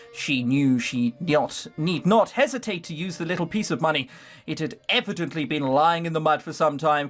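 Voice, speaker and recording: A man's voice: fairly high pitch, a bit bright. A man with a slightly raised voice reads a visual novel aloud as a let's play host. He breaks in with sardonic, swearing asides. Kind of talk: reading aloud with commentary.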